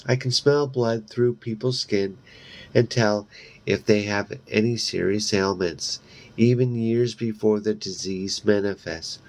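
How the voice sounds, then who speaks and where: A man reading a horror novel aloud in a slow, deliberate way, with brief asides of his own. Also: lowish voice. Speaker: reader.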